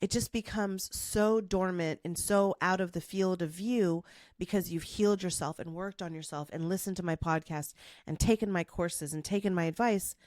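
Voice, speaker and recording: A woman podcast host telling a story in a monologue, acting out the quoted dialogue with lively energy. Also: fairly low pitch, moderate pace, no echo, clean studio sound. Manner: animated, acts out quoted dialogue.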